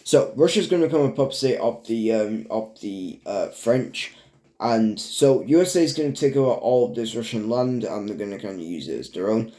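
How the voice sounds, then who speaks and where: A man narrating a strategy game, halting, with many fillers and restarts. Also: fairly low pitch, expressive, warm tone. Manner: stumbles over words. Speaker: video narrator. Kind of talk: casual game commentary.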